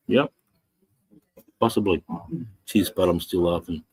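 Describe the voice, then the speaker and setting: A man's voice: low-pitched, fairly even intonation, moderate pace, a bit bright, dry recording, low-quality recording. An Australian man in his forties hosting a casual livestream, blunt and sweary as he reads the chat and greets viewers as brothers. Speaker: livestream host reading chat.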